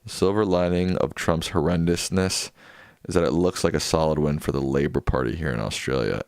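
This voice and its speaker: Host, male, very low voice, dry close mic, offhand chat reader. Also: brisk, darkish tone, dry recording. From United States. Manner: reads viewer comments aloud and answers offhand. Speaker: livestream host reading chat. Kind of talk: casual chat.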